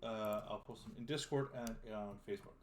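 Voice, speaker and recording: A man narrating as game master of a tabletop game, unhurried and pausing often on fillers. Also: lowish voice, a little hiss or hum. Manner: unhurried, many filler pauses.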